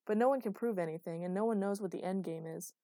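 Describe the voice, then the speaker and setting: A man's voice: high voice, fast talker, mellow, no echo, lightly acted. A woman reading the lines of an agitated male official in an audiobook, in a dry recording. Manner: agitated, exasperated. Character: tense, irritated male government official.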